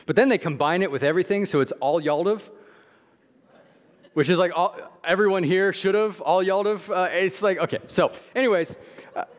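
Pastor preaching, male, somewhat high pitch, easygoing but emphatic, recorded in a reverberant church hall. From Midwest. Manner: conversational and emphatic, slowing on key phrases. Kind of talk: sermon.

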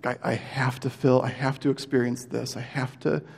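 A man's voice: medium pitch, flat delivery, moderate pace, creaky, a little mellow. A man preaching a sermon in an earnest, conversational way, with many fillers and restarts. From United States. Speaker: pastor. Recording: long hall reverb.

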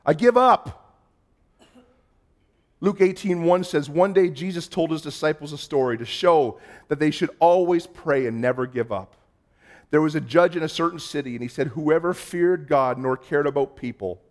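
With a voice a little on the high side and a moderate pace, this man preaches as a pastor. His sermon shifts from loud, emphatic moments to soft, hushed ones, and he performs quoted voices.

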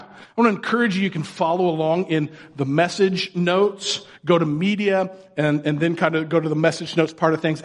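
A man's voice: sits high, in a large hall. A man preaching a sermon as pastor, in a casual, conversational way with everyday filler words.

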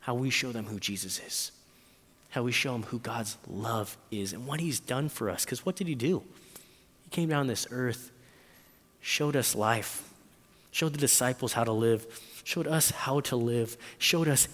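A man in his thirties preaching a sermon, telling a personal story and acting out his own thoughts in lively bursts. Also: medium pitch, normal speed. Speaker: pastor. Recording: long reverb in a hall.

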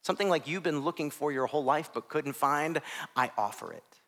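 A man preaching a sermon in a conversational way, with self-deprecating asides, often dropping to soft hushed phrases. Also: on the high side, lively intonation, brisk. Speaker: pastor.

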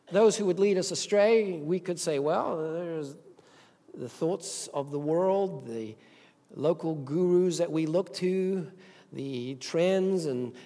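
A man preaching a sermon, earnest, with repeated words and rising emphasis. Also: sits high. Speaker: pastor. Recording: long hall reverb.

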